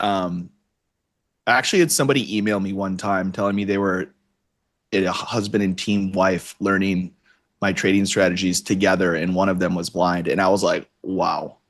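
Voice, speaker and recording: A man with a Chicago accent co-hosting a live trading stream, joking in easygoing banter while he watches the market. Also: low-pitched. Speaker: co-host, futures trader. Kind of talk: casual live-stream chat.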